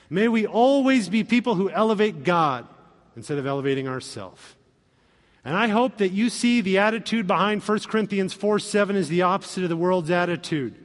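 A man preaching a sermon as pastor, animated and acting out quoted voices. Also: high-pitched. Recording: long reverb of a hall.

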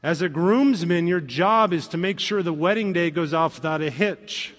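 Male pastor, high voice, animated sermon delivery, reverberant church sound. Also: normal speed. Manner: animated, acts out quoted voices with humor.

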